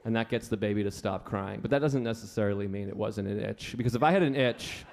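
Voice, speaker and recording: A man's voice: on the low side, fast talker, gravelly, a little mellow. A man performing a live stand-up set on a comedy club stage, telling stories casually and often slipping into acted-out quotes. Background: audience laughter and faint room noise.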